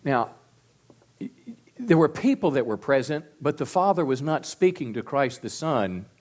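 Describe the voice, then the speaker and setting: A man preaching a sermon as pastor, earnest and stressing key words slowly. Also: fairly high pitch, sing-song, a little mellow.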